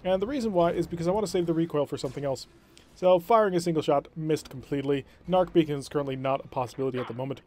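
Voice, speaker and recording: A man's voice: a little high, rapid-fire, mellow. A man commentating his own strategy game session, thinking aloud and explaining tactics. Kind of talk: let's-play commentary.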